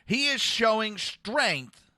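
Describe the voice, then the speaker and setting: Loud profane ranting male podcast host. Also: high-pitched, sing-song, slow, dry recording, studio quality. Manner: aggressive, profane, mocking. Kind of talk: political commentary rant.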